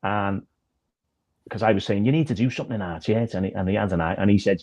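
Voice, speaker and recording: A man's voice: fairly low pitch, a little fast, darkish tone, dull audio. A man, a minister and comedian, telling rambling, self-deprecating stories in casual chat. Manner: rambling storyteller, self-deprecating, many fillers.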